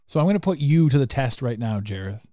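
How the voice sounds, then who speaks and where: A man's voice: mid-range voice, very animated, quick pace, warm tone, no echo, studio quality. A man hosting a casual podcast conversation, talking bluntly and emphatically and swearing freely. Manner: blunt, profane, emphatic and preachy. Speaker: podcast host.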